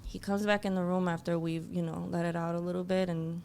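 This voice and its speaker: A woman guest telling an emotional personal story, acting out what people said with lively quoted voices. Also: brisk, creaky, a little hiss or hum. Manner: animated, acts out quotes in a higher voice.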